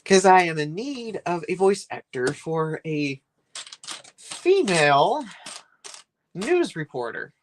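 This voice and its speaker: Male streamer, rambling, animated delivery. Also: fairly high pitch, slow pace, long pauses, a little hiss or hum. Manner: rambling, chatty, complains with a laugh. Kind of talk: live-stream chat while building.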